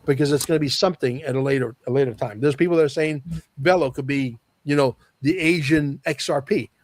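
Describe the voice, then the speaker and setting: A man's voice: medium pitch, a little fast, no echo. A man talking as a podcast guest in a casual conversation, speaking with emphasis and repeating his key phrases to drive them home.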